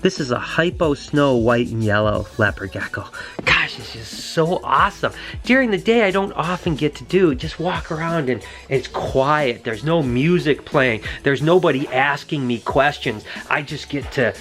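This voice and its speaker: A middle-aged man, a reptile breeder, chatting casually and excitedly as he walks through his shop showing animals. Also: a little high, moderate pace, soft background music. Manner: excited, gushing, exclamatory. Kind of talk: casual vlog walkthrough.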